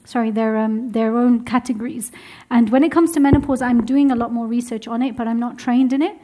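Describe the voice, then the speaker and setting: Young woman workshop teacher, high voice, upbeat and encouraging with a room of students. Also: fairly quick. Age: young adult. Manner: lively, encouraging, laughs often. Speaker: womb health teacher. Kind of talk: workshop teaching to a live group. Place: room with a seated group.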